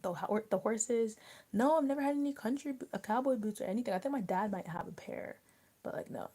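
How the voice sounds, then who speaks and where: Mellow, rambling young woman streamer. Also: on the high side, a little fast. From Maryland, USA. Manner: rambling, filler-heavy, chatty. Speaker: livestream host. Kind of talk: casual livestream chat.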